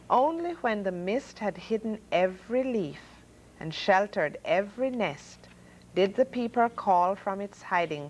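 A woman storyteller reading picture books to children, lingering over each phrase at a slow, unhurried pace. Her pitch rises and falls in a lively, animated way as she acts out the animal noises and builds each moment of the tale. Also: slight background noise, poor audio. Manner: expressive, sound effects and voices for animals. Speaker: storyteller host. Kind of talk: reading children's stories aloud.

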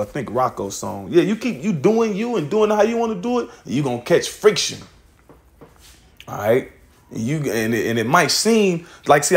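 A man teaching scripture in a loose, casual way, swearing and laughing often as he reads verses aloud. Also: fairly high pitch.

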